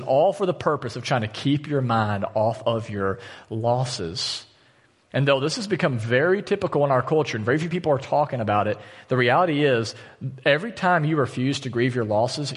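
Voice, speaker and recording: A man's voice: medium pitch, a bit bright, husky. A man preaching a sermon as pastor, earnest and direct with his congregation. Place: church auditorium. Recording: long church hall reverb.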